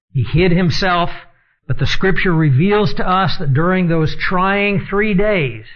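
A man with a somewhat high voice delivers an earnest sermon and reads scripture aloud between his explanations. The recording sounds dull and lo-fi. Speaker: Bible teacher.

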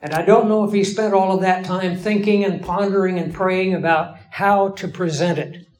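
A man lecturing a Bible class in a measured, explanatory way, with emphatic pauses. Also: sits high, fairly even intonation, a little mellow, low-quality recording. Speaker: Bible teacher.

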